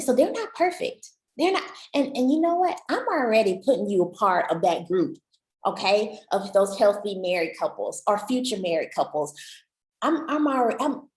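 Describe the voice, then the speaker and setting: A woman's voice: a little high, a little mellow, echoey room, poor audio. A woman giving relationship advice in an encouraging, chatty way, talking straight to her listener. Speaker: relationship coach. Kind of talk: motivational talk to camera.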